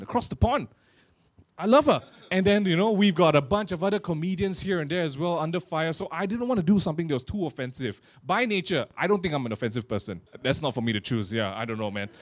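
Young Malaysian comic, casual stand-up delivery, chatty and self-deprecating, a touch higher-pitched than most men. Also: male voice. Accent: Malaysian English. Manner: chatty, self-mocking, playful impressions. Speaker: stand-up comedian. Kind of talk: stand-up comedy set. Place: office meeting hall.

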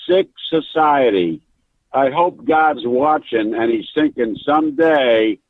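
Caller, male, indignant and preachy, gravelly voice over a tinny phone line. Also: a little high, no room sound. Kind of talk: recorded voicemail rant.

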